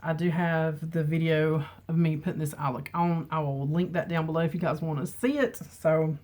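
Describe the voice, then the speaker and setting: Middle-aged woman, beauty vlogger, casual and emotional, a bit low-pitched, home camera mic. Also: normal speed, a little mellow. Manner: chatty, emotional, laughs often. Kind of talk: casual chat. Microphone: camera mic with ring light.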